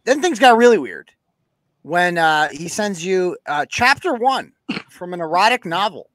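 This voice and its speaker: A man hosts a live talk show with a fairly high, very lively voice that jumps around as he mocks what he reads. The sound is dry and close. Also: unhurried, dry recording. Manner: mocking, animated, reads messages aloud in a put-on deep voice. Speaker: podcast host.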